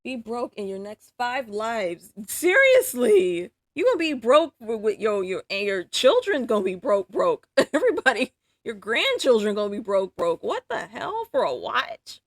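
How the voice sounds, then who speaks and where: Foul-mouthed woman livestreaming, gravelly and lively. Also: on the high side, moderate pace, few pauses, no room sound, studio quality. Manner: swears freely, exclaims in disbelief. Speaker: livestreaming artist. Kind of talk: casual livestream chat.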